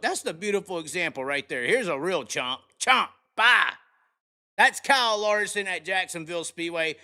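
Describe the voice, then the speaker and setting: A man's voice: on the high side, clean tone. A man hosting a live racing talk show, ranting brashly and cursing as he breaks down results. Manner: brash, profane, excitable rants. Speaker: podcast host. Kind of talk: casual live show commentary.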